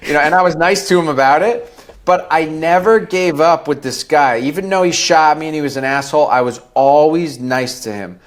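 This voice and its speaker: A man in his thirties with a somewhat high voice talks through his story as a podcast guest. He is blunt and swears freely, and he sometimes slips into other people's lines as he tells it. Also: fairly quick. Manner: blunt and profane, acts out quoted dialogue. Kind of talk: candid storytelling interview.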